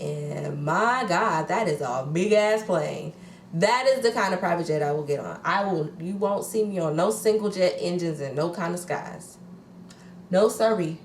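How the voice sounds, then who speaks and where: A woman's voice: medium pitch, reverberant, a little hiss or hum. A woman recapping reality TV casually, sassy and blunt, swearing freely. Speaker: reality TV reviewer.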